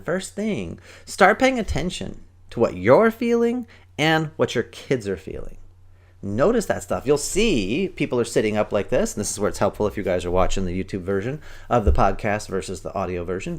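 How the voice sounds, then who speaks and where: A man hosts a parenting podcast in a lively coaching voice. He keeps asking the listener questions. He slips into little acted-out scenes. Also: lowish voice. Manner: animated, asks the listener questions.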